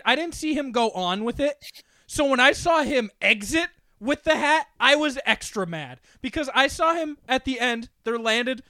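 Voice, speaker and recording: A man's voice: very high voice, moderate pace, dry recording. Ranting young male podcast co-host. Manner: ranting, profane, excitable. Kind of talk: casual chat.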